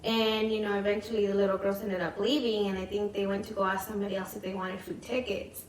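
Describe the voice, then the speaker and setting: A woman's voice: mid-range voice, little pitch movement, fast talker. A young woman, a mother and co-host, telling family stories in a casual chat, full of "like"s and quoting her kids. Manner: chatty storytelling, many "like"s, quoting her kids. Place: home. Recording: echoey room, mic at a distance, faint noise.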